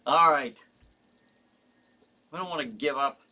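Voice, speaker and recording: A man's voice: on the high side, measured pace, pushed and bright. A man hosting a casual live stream, reading viewer comments aloud and answering them in a rambling way with fillers and restarts. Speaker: host.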